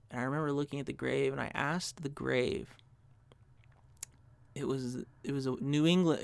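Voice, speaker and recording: Young male podcast host, gravelly mid-range voice, dry close sound, reflective storyteller who restarts sentences. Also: medium pitch, no room sound. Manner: reflective, searching for words with restarts. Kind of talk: personal storytelling.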